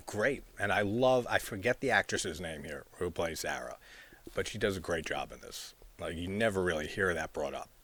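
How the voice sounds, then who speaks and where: A man's voice: low-pitched, fairly bright tone. A man chatting casually about a horror film, rambling with lots of "like", laughing often and swearing freely. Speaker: horror movie reviewer.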